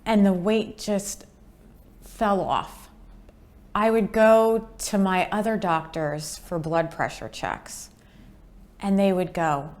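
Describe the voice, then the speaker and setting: Slow, earnest woman in her fifties. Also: medium pitch, a little mellow. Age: 50s. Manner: earnest, unhurried, acts out quoted voices. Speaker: patient sharing her story. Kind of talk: testimonial interview.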